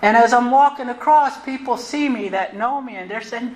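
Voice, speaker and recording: A woman's voice: a little high, fairly quick, few pauses. Candid woman in her sixties telling her story. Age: 60s. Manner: candid, conversational, animated storytelling. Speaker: recovery meeting speaker. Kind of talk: personal recovery story. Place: meeting hall. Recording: roomy hall, faint noise.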